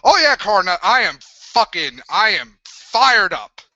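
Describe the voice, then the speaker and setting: A young man rants through a live wrestling review with crude, swearing sarcasm, his pitch leaping all over the place. His voice is bright and sharp, close and dry on a dull, lo-fi computer mic. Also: big pitch swings, takes it slowly, no echo. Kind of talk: profane live review rant. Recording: dull lo-fi sound.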